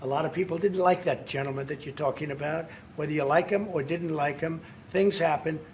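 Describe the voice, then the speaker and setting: A man's voice: fairly high pitch, brisk, slight background noise, poor audio. A man answering reporters at a press conference, combative and repetitive, cutting questioners off. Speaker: politician taking press questions.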